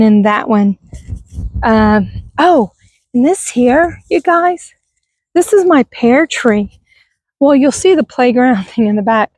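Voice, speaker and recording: A middle-aged woman from Texas giving a casual, rambling tour of her neglected yard, talking warmly to her viewers and turning wistful at times, recorded outdoors on a handheld camera. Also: a little high, dry recording. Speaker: vlogger. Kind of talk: casual garden tour vlog. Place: outdoors in a yard by a busy street.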